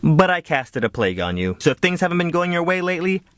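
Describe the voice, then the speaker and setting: A YouTuber telling a comedic storytime in an animated, exaggerated way. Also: male voice, a little high, quick pace, dry recording, studio quality.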